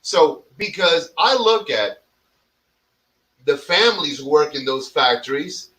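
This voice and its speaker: A man's voice: on the high side, expressive, a little slow, pushed and bright, distant mic, rough recording. A man hosting a casual talk show, speaking bluntly and swearing, often repeating words as he starts a point. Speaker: cigar podcast host. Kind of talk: casual opinion chat.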